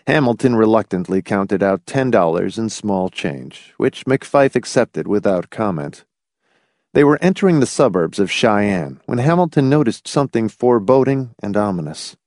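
A man reading fiction aloud as an audiobook narrator, with a low voice that swings widely in pitch. His storytelling is expressive and dramatic. The recording is dry and close, with no room sound. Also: moderate pace, dry recording. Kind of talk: scripted narration.

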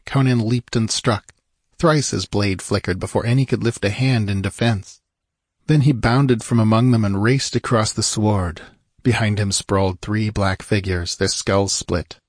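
A man reading an adventure story aloud in steady, measured scripted narration. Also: lowish voice, dry recording, clean studio sound. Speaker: audiobook narrator.

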